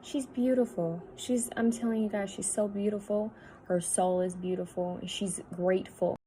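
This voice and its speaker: A woman psychic medium talking at home, relaying messages in a halting, repetitive way that often drops to a hushed voice. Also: mid-range voice, fairly even intonation, a little hiss or hum, poor audio. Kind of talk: spirit-channeling video monologue.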